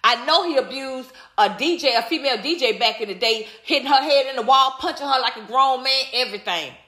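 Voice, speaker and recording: A woman's voice: sits high, brisk, pushed and bright, roomy sound. A woman commentator ranting bluntly on a livestream, repeating her points and swearing as she reacts to viewer comments. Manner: emphatic, repetitive, blunt, swears. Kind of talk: heated casual opinion rant.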